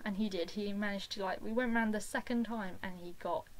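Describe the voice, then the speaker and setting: A woman, excitedly telling a personal story to the camera in a casual vlog, with lots of "like". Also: medium pitch, a little fast, poor audio. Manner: gushing and excitable, full of "like". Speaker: fan vlogger.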